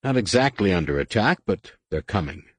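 A man voicing a calm, stern young Jedi in an audiobook, speaking evenly and with reproach. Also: fairly low pitch, a little fast, no room sound. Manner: even, condemning.

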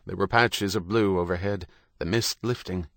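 Male narrator for a novel, lowish voice, dry close mic, measured delivery. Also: fairly even intonation, a bit bright, no echo. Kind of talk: audiobook narration.

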